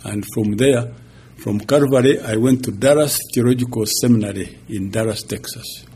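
A man in his sixties, a pastor giving a halting, chuckling personal testimony. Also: mid-range voice, warm tone, husky. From Uganda. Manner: slow, halting storytelling with chuckles.

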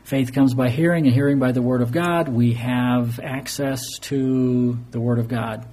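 A man's voice: medium pitch, steady tone, unhurried, dark tone. A man preaching an earnest, explanatory sermon, sometimes stumbling into fillers and restarts. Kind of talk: sermon teaching.

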